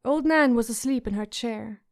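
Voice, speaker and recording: A woman narrating a fantasy audiobook in a steady storytelling manner. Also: a little high, normal speed. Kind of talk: scripted narration.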